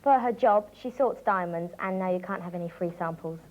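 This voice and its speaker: A woman in her twenties, a contestant on a TV game show, joking and talking casually. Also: on the low side. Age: 20s. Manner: playful, quick to joke. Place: TV studio. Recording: lo-fi early 90s TV broadcast, noisy.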